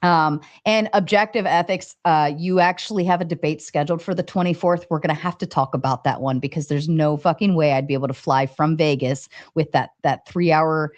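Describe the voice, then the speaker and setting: A woman hosting a casual livestream with a lot of energy. She talks fast and excitedly, swears freely, and her voice jumps higher when she reads viewer messages aloud. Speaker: livestream host. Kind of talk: casual livestream talk, reading chat aloud.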